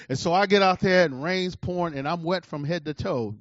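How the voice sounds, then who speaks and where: Man, middle-aged, preacher, sermon storytelling, high-pitched, emphatic, loud bursts and low asides, muffled lo-fi sound. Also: fairly quick, hardly any pauses, no room sound. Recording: dull lo-fi recording.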